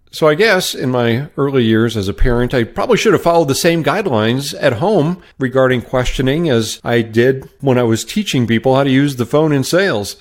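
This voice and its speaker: A man's voice: medium pitch, expressive, fairly quick, few pauses. A middle-aged man hosting a solo sales-training podcast, upbeat and coaching.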